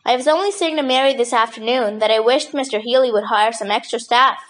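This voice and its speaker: A shy, eager young hotel porter with a West Country accent, friendly and a little awkward, as a woman reading the story puts him on. The voice sits fairly high in a plain storybook reading. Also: a little fast, a bit bright, natural voice. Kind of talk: audiobook character voice.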